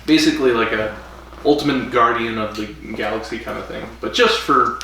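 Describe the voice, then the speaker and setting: A man's voice: medium pitch, a little fast, pushed and bright, far from the mic. A man co-hosting a casual podcast, joking and laughing as he recaps an episode. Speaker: podcast co-host. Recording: very echoey room, off mic, faint noise.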